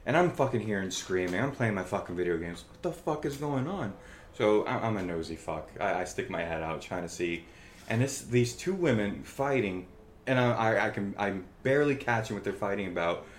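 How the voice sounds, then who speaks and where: A man's voice: lowish voice, lively intonation, fairly quick, a little hiss or hum. A man hosting a casual chat, telling stories in a rambling way with lots of swearing. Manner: rambling, heavy swearing, storytelling. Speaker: podcast host. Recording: echoey room.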